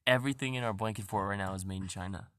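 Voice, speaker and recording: Young guy goofing around, bright tense voice, dry sound. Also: lowish voice, racing, no echo. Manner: goofy, playful, laughs a lot. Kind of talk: casual chat. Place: blanket fort.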